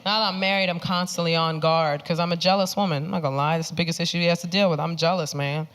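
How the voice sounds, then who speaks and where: A woman in her thirties doing stand-up comedy, telling stories in a brash, punchy, animated way on a club stage. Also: on the low side, racing. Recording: live club with noisy audience.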